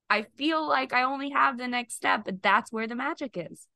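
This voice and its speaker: Earnest woman near tears, bright voice. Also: sits high, expressive, normal speed, gravelly, no echo, studio quality. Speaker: podcast guest. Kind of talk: emotional personal testimony.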